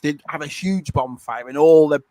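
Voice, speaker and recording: A man with a northern English Lancashire accent, chatting on a video call. His voice sits a touch high for a man, and he spins his stories in a lively way, laughing as he goes. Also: normal speed, no echo. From northern England. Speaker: stream host. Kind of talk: casual chat.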